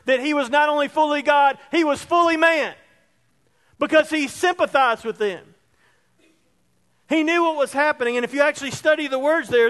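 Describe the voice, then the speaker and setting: A man with a strikingly high voice delivers a sermon from the pulpit. He drops to hushed, tender tones and then climbs to ringing emphasis. His words trail off into the long echo of a church hall. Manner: expressive preaching that swings between soft and loud. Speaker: pastor. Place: church sanctuary.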